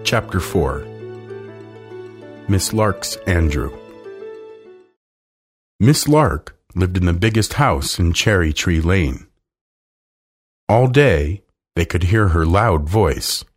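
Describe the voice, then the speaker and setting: A man reading a children's storybook aloud slowly and expressively. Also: deep voice, expressive, soft background music. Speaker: narrator.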